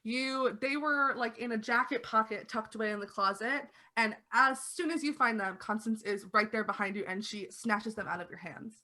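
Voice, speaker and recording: A woman's voice: a little high, moderate pace, few pauses, pushed and bright. A woman running a tabletop game as game master, chatty and explaining the rules with many fillers. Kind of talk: narrating a tabletop game on a stream.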